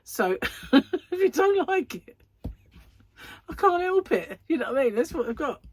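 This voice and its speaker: A woman's voice: high voice, sing-song, unhurried. A woman talking in a rambling, chatty way, laughing often and acting out the things she and others said. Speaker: host of a crochet chat channel. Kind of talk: casual chat.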